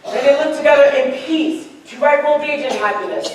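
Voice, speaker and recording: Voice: high voice, animated, fairly quick. A young actor in a school musical playing a ceremonious wedding host who announces gifts and toasts, recorded from far off in an echoing auditorium with a noisy audience. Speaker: high school stage actor. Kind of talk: live school musical acting. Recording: roomy hall, far off, crowd noise.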